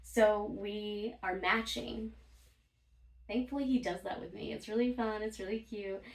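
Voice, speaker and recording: A woman's voice: mid-range voice, steady tone, a little slow, gravelly. A woman vlogger telling casual stories, blunt and profane, laughing often as she talks. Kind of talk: casual storytime monologue. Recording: roomy, from a distance.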